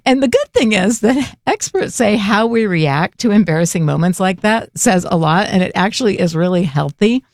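Animated woman with a gravelly voice. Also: medium pitch, normal speed, few pauses, no room sound, studio quality. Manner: laughs through the telling, animated. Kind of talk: casual storytelling.

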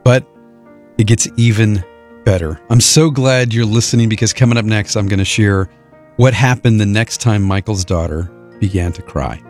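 A man's voice: fairly low pitch, moderate pace, darkish tone, soft background music. A man hosting a radio segment, speaking earnestly and upbeat. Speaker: radio host.

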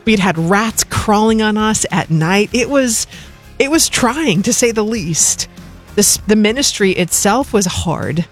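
A woman recounting a personal faith testimony in a heartfelt, reflective way. Her voice sits at a middle pitch, and soft music plays quietly underneath. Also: animated, unhurried. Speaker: missionary sharing a testimony.

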